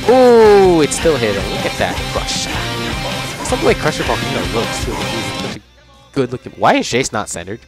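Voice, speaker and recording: A young man giving casual, chatty commentary on a video game as he plays, reacting out loud and laughing often. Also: mid-range voice, very animated, moderate pace. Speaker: gaming channel host. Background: game music.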